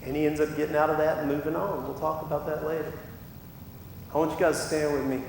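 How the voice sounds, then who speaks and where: A male pastor delivers an impassioned sermon, breaking into quoted voices to drive his points home. His voice sits fairly high for a man. The sanctuary is echoey, with a long reverb and a faint rumble underneath. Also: flat delivery, fast talker. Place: church sanctuary. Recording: echoey church hall with rumble.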